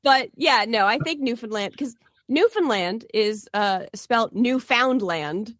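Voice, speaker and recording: A woman's voice: fairly high pitch, lively intonation, slow pace, dry recording, clean studio sound. A Canadian woman from the Toronto area, co-hosting a podcast in casual chat, talkative and laughing often as she wanders off on tangents. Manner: chatty, laughs often, digressive. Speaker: podcast co-host.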